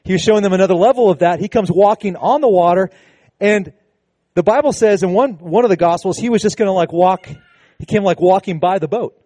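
A man preaching a sermon to his congregation, animated and conversational, with casual asides. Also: high-pitched, brisk, no echo. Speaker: pastor. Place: church service with a congregation.

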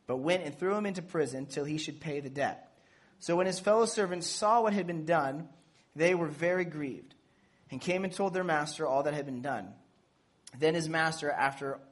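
Male pastor, fairly high husky voice, lively sermon delivery with playful asides. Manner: animated, playful asides, acts out dialogue.

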